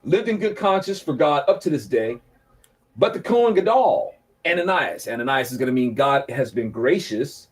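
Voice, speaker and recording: A man hosting a casual Bible study, teaching in a lively, jokey way and acting out the scenes he reads. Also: medium pitch, normal speed.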